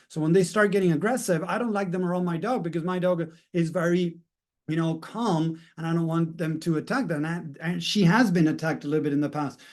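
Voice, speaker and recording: A man's voice: fairly high pitch, a little mellow. A man coaching viewers in a casual, rambling self-help talk, often checking in with "right?" and "you know". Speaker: mindset coach.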